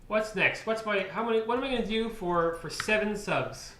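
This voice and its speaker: A man's voice: sits high, moderate pace, bright, forceful tone, faint music behind. A man streaming live as he codes, thinking aloud and muttering to himself, with sudden exasperated outbursts. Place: room at a computer, keyboard clicks. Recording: echoey room, faint noise.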